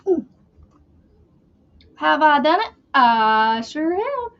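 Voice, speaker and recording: A woman's voice: high voice, big pitch swings, extremely slow, dull audio. A woman hosting a casual crochet livestream from her chair at home, chatty and giggly, a bit out of breath as she talks to viewers. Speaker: crochet channel host.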